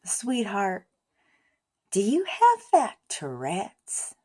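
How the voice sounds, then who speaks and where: A woman's voice: fairly low pitch, slow pace. A woman voicing a sweet, folksy old woman on a mobility scooter who calls everyone sweetheart. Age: older.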